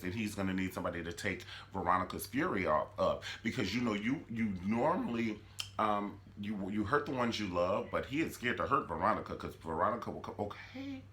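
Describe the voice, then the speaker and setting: Flamboyant, sassy man, bright voice. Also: fairly low pitch. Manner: flamboyant, sassy, animated, dramatic. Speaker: show reviewer and host. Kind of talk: casual comedic review vlog.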